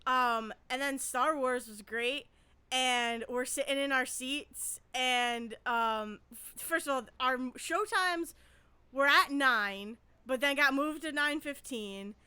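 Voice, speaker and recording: A high, bright woman's voice co-hosting a casual podcast chat. She rambles through a story with restarts and frequent swearing. The sound is close and dry. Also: takes it slowly, smooth, no room sound. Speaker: podcast co-host.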